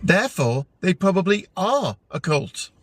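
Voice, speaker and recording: A suspicious, none-too-bright pub regular leans in with theatrical, knowing remarks in a storybook reading, as a man voices him. The voice sits up high. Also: very animated, a little slow, heavily acted. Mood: scheming.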